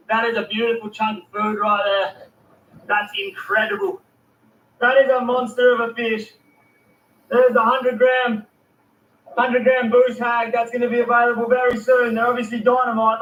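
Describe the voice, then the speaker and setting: A man's voice: very high voice, sharp tone, a little hiss or hum. A young Australian man enthusiastically narrating his fishing vlog from a boat at sea, full of exclamations and slang. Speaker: fishing vlogger. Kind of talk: excited outdoor vlog commentary. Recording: distant, echoey mic.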